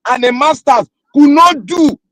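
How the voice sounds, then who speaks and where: A man's voice: very high-pitched, measured pace, pushed and bright, no echo, poor audio. A man speaking Nigerian Pidgin English in a heated political chat, arguing his point with rhetorical questions. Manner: argumentative, asks rhetorical questions.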